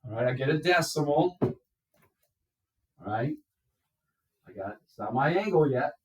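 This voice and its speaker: In this classroom lecture, a man with a slightly high, expressive voice explains math step by step and slowly. He checks in often with "okay?", and the recording sounds distant and echoey.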